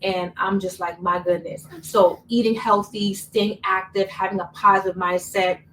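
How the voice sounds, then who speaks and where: A young woman tells her story in a relaxed, chatty vlog style and leans on repeated words for emphasis. She sits a little away from the microphone. A faint background hiss runs under her voice. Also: medium pitch, normal speed. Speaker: vlogger. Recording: slightly distant mic, faint room noise.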